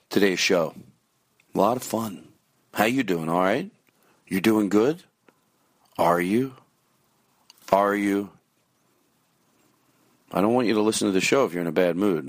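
A man's voice: sits low, no echo, studio quality. A man hosting his podcast, rambling through plugs and announcements in a loose, self-mocking way. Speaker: podcast host. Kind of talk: casual podcast intro.

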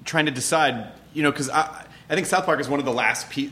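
A man's voice: medium pitch, brisk, sharp tone. A man hosting a casual interview, rambling and restarting his sentences, with casual swearing. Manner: rambling, restarts often, profane. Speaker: podcast host.

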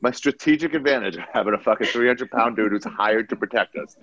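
A man's voice: medium pitch, fast talker, a bit bright, no echo, highs cut off. A young man chatting on a podcast, telling profane stories and acting out the people he quotes. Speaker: comedian guest. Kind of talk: casual podcast chat.

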